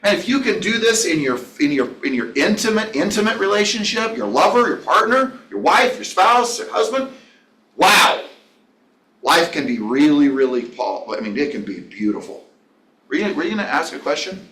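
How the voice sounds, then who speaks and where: A man with a fairly high, bright, forceful voice and a sing-song lilt speaks at normal speed during a motivational business training. He rambles enthusiastically and calls listeners by name in an echoey training room.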